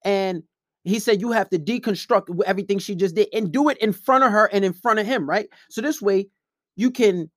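A man's voice: sits high, fairly quick, no room sound, studio quality. A man giving blunt, profane relationship advice in a casual, lecturing monologue.

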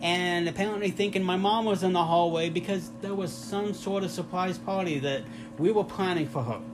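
A man telling a funny story in casual chat, animated and mimicking other voices with high squeals. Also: normal speed, music in the background. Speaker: podcast guest, husband.

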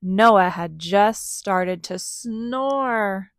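A woman reads a picture book aloud to young listeners, animated and stopping to ask them for sound effects. Her voice is slow and gravelly, and the room is dry and close. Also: medium pitch, no echo. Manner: animated, asks children to join in with sounds. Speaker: storyteller reading to children.

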